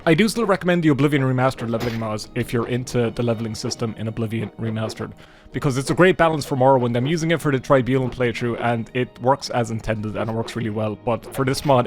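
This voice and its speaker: A man with an Irish accent giving rambling, chatty let's-play commentary as a gaming YouTuber, swearing casually as he plays. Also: mid-range voice.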